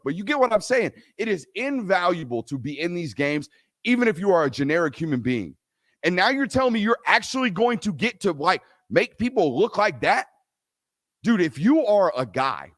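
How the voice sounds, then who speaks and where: A man with a high-sitting voice hosts a live sports talk show, ranting with animation and repeating himself for emphasis before he takes questions from the audience. The recording is dry and of studio quality.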